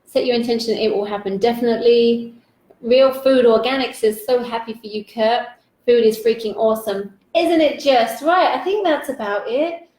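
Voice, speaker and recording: A bright, effusive woman hosts a live chat, gushing over comments and guests with loose, casual language. Her voice sits a little high. The room around her rings with echo. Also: moderate pace. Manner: bubbly, effusive, casual swearing. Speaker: host. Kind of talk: live interview, reading viewer comments. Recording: echoey room.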